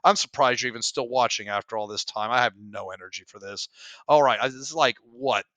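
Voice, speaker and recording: Middle-aged male teacher at home, wry, complaining solo walkthrough, crisp clear tone. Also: mid-range voice, a little fast, bright, forceful tone, dry recording, lo-fi sound. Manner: grumbling, self-deprecating, wry asides. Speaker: physics teacher working exam problems. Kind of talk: casual solo problem walkthrough. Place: home room.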